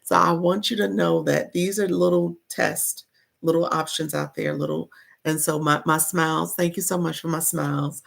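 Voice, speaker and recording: A woman's voice: sits low, steady tone, normal speed, vocal fry. A woman coaching live-stream viewers in a chatty way, greeting people in the chat by name and laughing often.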